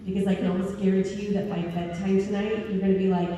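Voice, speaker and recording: A woman with a mellow, low-key tone gives a funny, self-deprecating talk to a crowd of homeschool parents. She laughs easily and keeps it conversational. She sounds distant, caught from the back of a large hall with a long, ringing reverb and faint room noise. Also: steady tone, quick pace, hardly any pauses. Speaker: convention speaker. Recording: echoey hall from far off.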